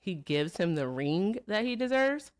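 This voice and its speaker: Very animated yet unhurried, a woman with a medium-pitched voice hosts a live political call-in stream. Her casual chat is upbeat and talkative as she greets viewers and callers, saying "y'all."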